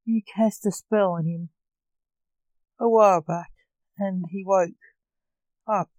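Casting: woman reading as a calm, earnest male dream spirit in a storybook, low-key and unhurried, mellow tone. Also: no room sound, lightly acted, poor audio.

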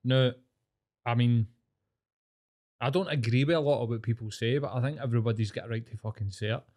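A man's voice: mid-range voice, fairly quick, a little mellow. Sweary Scottish man ranting. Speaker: podcast co-host. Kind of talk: casual chat.

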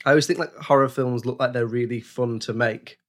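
Man, podcast co-host, playful, rambling, jokey, mid-pitched voice. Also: steady tone, brisk. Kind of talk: casual podcast chat.

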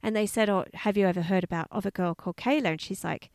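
Woman podcast co-host, lively storyteller, dry close mic, mid-pitched voice. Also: fast talker, hardly any pauses, no room sound. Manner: animated, swears, acts out quotes. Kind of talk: casual storytelling chat.

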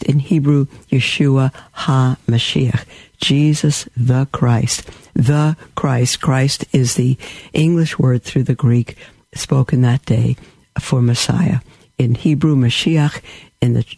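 Gravelly, mellow-voiced male preacher. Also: no room sound. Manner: teaching, repeats key words, rises high when quoting. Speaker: Catholic preacher. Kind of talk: sermon.

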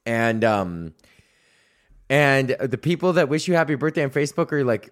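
A man hosts his own podcast with a solo comedic rant that's profane, rambling, and constantly interrupting itself. His mid-range voice is very animated, moving at a normal speed.

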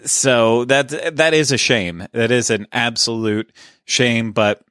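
A man's voice: mid-range voice, slow pace, pushed and bright, clear, resonant tone, no room sound, clean studio sound. A man hosting a podcast in casual, chatty talk, joking asides about his own habits. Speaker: podcast host.

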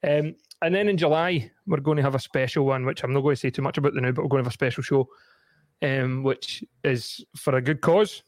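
A man's voice: mid-range voice, steady tone, fairly quick, dry recording. A man with a Scottish accent hosting a casual podcast, chatty with lots of "um"s, speaking in a studio. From Scotland. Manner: chatty, laughing often, frequent ums. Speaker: podcast host.

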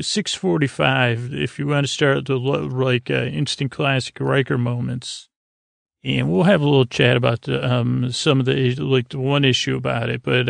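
Male podcast host, gravelly monotone, rambling sleepy recap, dry sound. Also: mid-range voice, no echo. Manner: meandering, halting, many fillers and restarts.

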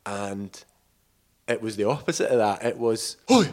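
A man telling a cycling trip story in a casual, animated way, acting out quotes and laughing often. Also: lowish voice, unhurried. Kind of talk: casual storytelling over footage.

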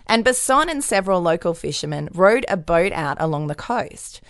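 A woman's voice: fairly low pitch, unhurried, no room sound, clean studio sound. A woman co-hosting a podcast, telling a true crime story in a casual, jokey way full of puns. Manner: jokey, punny, lively storyteller.

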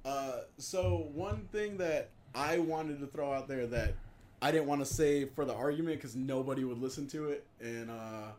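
A man chatting casually with friends about movies, excitable, laughing and swearing. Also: medium pitch, moderate pace. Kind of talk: casual podcast chat.

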